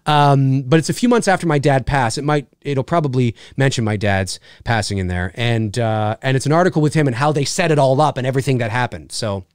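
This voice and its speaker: A man's voice: mid-range voice, fairly quick, hardly any pauses, smooth, dry recording, studio quality. A man in his forties from Canada hosting a casual live chat show, rambling, repeating himself and swearing casually.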